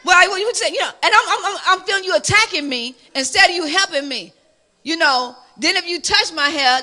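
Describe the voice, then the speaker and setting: A middle-aged woman with a Chicago accent, the pastor's wife, answering questions in a lively, animated way in a church discussion. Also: extremely high pitch, moderate pace. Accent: Chicago African American English. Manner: lively, animated storytelling with laughter.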